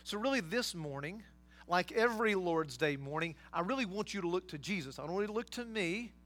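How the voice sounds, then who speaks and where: A man's voice: high voice, animated, fairly quick, a bit bright, soft background music. A man preaching a sermon, emphatic, with rhetorical questions and casual asides to his congregation. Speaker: pastor.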